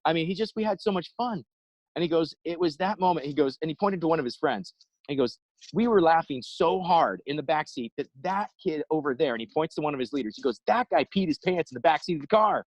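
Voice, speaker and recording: A man giving an inspirational talk over a video call, telling a story with lively acted-out quotes. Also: on the high side, fast talker, dry recording, low-quality recording. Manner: animated storyteller, acts out quotes. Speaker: inspirational speaker.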